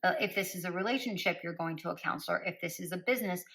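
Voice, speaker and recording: A woman's voice: fairly low pitch, fast talker, fairly bright tone, poor audio. A woman giving a spoken tarot reading. She speaks directly to listeners by star sign and repeats phrases for emphasis in a coaching tone. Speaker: tarot reader.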